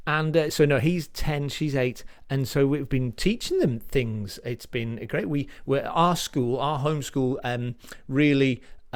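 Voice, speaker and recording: A man, likely in his forties, performing a stand-up comedy set in a rambling, self-deprecating way, with many restarts. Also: mid-range voice.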